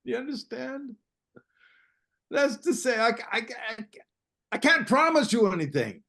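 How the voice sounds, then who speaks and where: An exasperated yet kindly older host, read by an actor, slow-spoken with lively rises and falls in pitch. He hesitates and trips over his words, half scolding and half comforting, in a stage-play reading. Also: gravelly, full character voice. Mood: evasive. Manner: hesitant, stumbling, awkwardly consoling. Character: exasperated, good-natured older male host.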